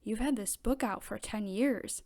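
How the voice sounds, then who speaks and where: Brisk friendly rabbit librarian, storybook read-aloud, mellow voice, read by a woman. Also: medium pitch, natural voice.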